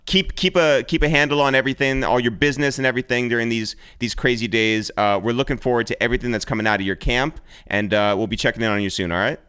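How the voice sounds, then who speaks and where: A man hosting a casual call-in chat, laughing often and throwing in quick asides. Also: mid-range voice, pushed and bright, clear, resonant tone. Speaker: podcast host.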